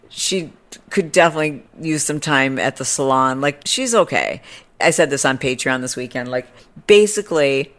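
A woman's voice: extremely low pitch, fairly bright tone. Woman host just chatting, snarky, says like a lot, storytelling vibe. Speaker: podcast host. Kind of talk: casual storytelling chat.

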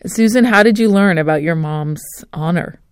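A woman's voice: on the low side, moderate pace, clear, resonant tone, dry recording, clean studio sound. A woman hosting a radio show, reading news headlines and interviewing a guest. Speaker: radio host.

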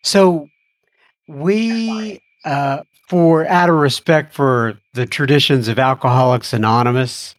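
A man's voice: mid-range voice, no room sound. Podcast host man, dry close sound. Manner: warm, laughing, loosely halting with fillers. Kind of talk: casual interview chat.

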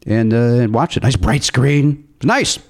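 A man's voice: mid-range voice, normal speed, vocal fry. A middle-aged man in casual conversation, rambling through stories with many fillers and restarts. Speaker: podcast co-host. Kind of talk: casual chat.

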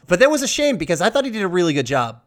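A man's voice: high-pitched, big pitch swings, racing. A man hosting a podcast, chatting casually and recapping film scenes. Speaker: podcast host. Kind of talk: casual chat.

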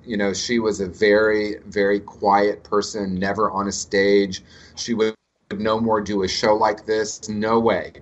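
A man talks in a relaxed interview with a low, husky voice. He sounds reflective and tells spiritual stories. The recording sounds dull and lo-fi. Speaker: guest, addiction recovery teacher. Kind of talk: conversational interview.

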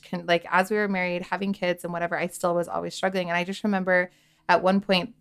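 Gravelly low-voiced woman telling her story. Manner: candid, chatty, full of "like" and quoted inner thoughts. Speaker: podcast guest. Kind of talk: personal storytelling in a podcast interview.

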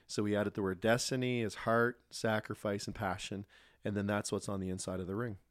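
A former pro hockey player, a man, telling relaxed, rambling stories as a podcast guest. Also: fairly low pitch, brisk, dry recording, studio quality. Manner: relaxed, anecdotal, lots of restarts. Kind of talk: casual storytelling.

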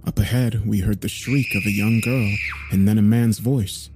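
A man narrating a horror story in a measured, grave storytelling manner. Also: on the low side, fairly even intonation, noisy background.

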